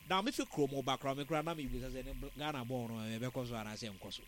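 A man giving football analysis on a sports talk show, in a measured, analytical way. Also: medium pitch, fairly bright tone, slight background noise.

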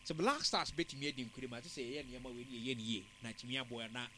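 Fast-talking bright-voiced football analyst man. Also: mid-range voice, a little hiss or hum. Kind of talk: radio sports talk.

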